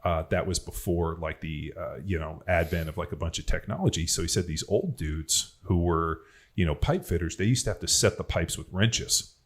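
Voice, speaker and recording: On his podcast, a former NFL player chats casually and tells long-winded, profane stories about football and strength. His voice is low and his pace moderate.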